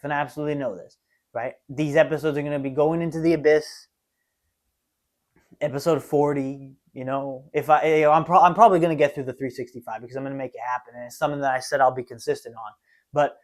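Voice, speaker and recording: A man of twenty hosting a solo podcast, talking earnestly and self-reflectively, often tagging his thoughts with "right?". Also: fairly high pitch. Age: 20s. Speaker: podcast host. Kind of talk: solo confessional monologue.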